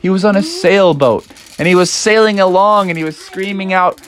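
A young woman telling an improvised storybook adventure to children in a lively, playful way. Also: medium pitch, normal speed.

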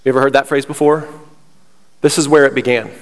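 A pastor preaches a fired-up sermon in a church sanctuary, a little out of breath, emphatic and repeating himself. His medium-pitched voice stays steady in tone while moving at a quick pace, and the recording carries a long hall reverb.

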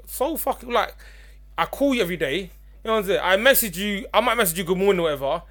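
A man, co-hosting a podcast and telling stories in rapid, animated casual chat full of slang. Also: high voice. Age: 20s. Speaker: podcast co-host.

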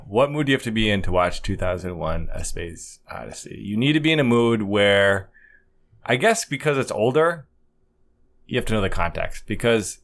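A man's voice: fairly low pitch, fairly bright tone. A man chatting casually on a podcast, rambling and hesitant, joking now and then. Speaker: podcast guest. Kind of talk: casual chat.

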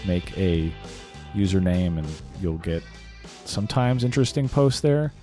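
A man's voice: low voice, expressive, measured pace, mellow, soft background music. A man in his late thirties co-hosting a casual podcast in a dry, sardonic way. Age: 30s. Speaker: podcast co-host.

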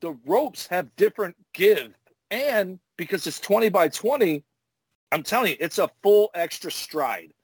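A man, a former wrestler, telling profane, animated stories in casual podcast chat. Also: sits high, unhurried, breathy edge, no echo. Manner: profane, animated storyteller acting out moves. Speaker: retired pro wrestler, podcast host.

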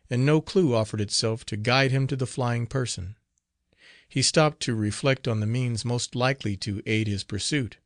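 A man narrating a classic novel in a measured, formal storytelling manner. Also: on the low side, no echo, clean studio sound. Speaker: audiobook narrator.

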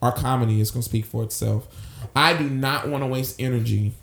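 A male comedian chatting casually on a podcast, slangy and animated, swearing freely and acting out quotes. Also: mid-range voice, a little fast, creaky, roomy sound.

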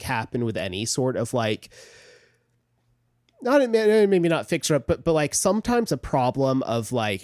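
In clean studio sound with no echo, a man co-hosting a podcast talks casually about a novel, rambling along with lots of fillers and restarts. His voice is medium-pitched and a little mellow.

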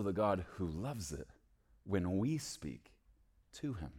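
Male preacher, deep voice; emphatic bursts alternating with quiet, intimate storytelling. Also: very animated, slow, pauses often, breathy edge. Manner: swings from loud emphatic declarations to soft, hushed storytelling. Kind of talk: sermon.

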